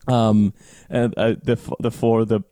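A man's voice: medium pitch, warm tone, no room sound, clean studio sound. A man co-hosting a podcast, joking around with frequent laughs and stumbling restarts. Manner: giggly, jokey, stumbling restarts. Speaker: podcast co-host. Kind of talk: casual chat.

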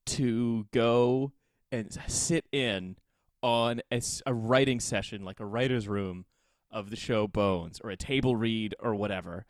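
A man's voice: mid-range voice, no room sound, clean studio sound. Sardonic man riffing on a podcast. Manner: sardonic, riffing, hesitant restarts. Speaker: podcast co-host. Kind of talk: casual comedic chat.

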